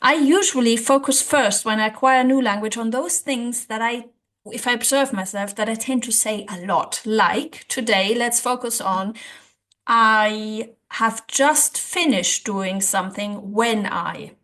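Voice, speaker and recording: A woman with a high, slightly bright voice takes her time as she hosts a laid-back language-learning tutorial. Talking to camera, she's conversational and thinks aloud, with a gentle laugh.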